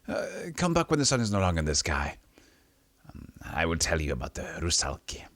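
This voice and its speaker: A strange old woman seer, as a man puts her on, chanting slowly in a gravelly, sing-song voice. Her voice sinks deep and quiet as she drags out her words with a hissing weight. The sound is dry and close, with no room around it. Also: wildly swooping pitch, no room sound, heavily acted. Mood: cryptic. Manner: slow, hissing emphasis.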